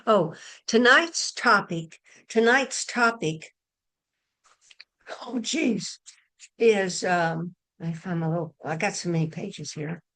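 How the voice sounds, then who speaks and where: A woman hosting an online spiritual group, speaking in an earnest, meandering way with pauses and restarts over a video call. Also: lowish voice, fairly bright tone.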